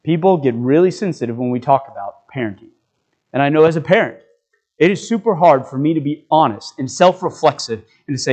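High-voiced man preaching a sermon. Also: expressive, fairly quick, a little mellow, low-quality recording. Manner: earnest exhortation with stacked rhetorical questions.

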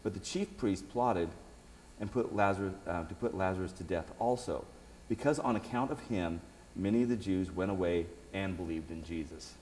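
A man reads scripture aloud in a low, mellow voice, breaking off now and then for casual remarks. His voice rings with a long reverb, as if in a large space. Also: normal speed, a little hiss or hum. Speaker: Bible teacher. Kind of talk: reading scripture with commentary.

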